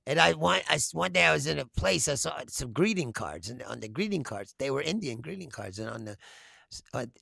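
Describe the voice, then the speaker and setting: A man's voice: a little high, expressive, brisk, vocal fry, sharp tone, no room sound. A man hosting a casual political comedy chat, reading out viewer comments, swearing a lot and laughing often as he rants.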